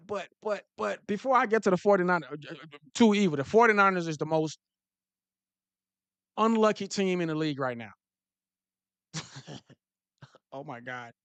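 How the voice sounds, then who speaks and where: Animated man riffing on football. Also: high-pitched, no echo. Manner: animated, repetitive restarts and slang. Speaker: football talk show host. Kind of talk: casual sports commentary to live viewers.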